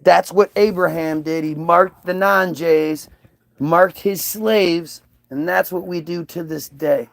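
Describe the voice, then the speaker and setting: A man's voice: on the high side, steady tone, vocal fry, no echo. Heated, profane man in a dry room. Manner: heated, profane, halting with many restarts. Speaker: vlogger. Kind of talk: unscripted emotional monologue.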